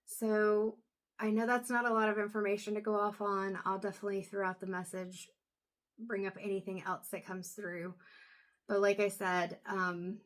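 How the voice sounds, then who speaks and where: Soft-spoken woman, halting and tired. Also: mid-range voice, level tone. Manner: soft, halting, many pauses and ums. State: low on energy. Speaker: intuitive reader. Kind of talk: casual talk to camera.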